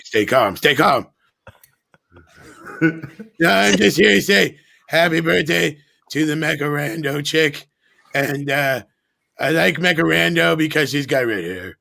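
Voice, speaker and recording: A man's voice: on the high side, lively intonation, measured pace, vocal fry, pauses often, pushed and bright. A man on a livestream panel, trading crude teasing jokes and laughing at his own bits. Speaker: guest on the stream panel. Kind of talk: crude joking banter.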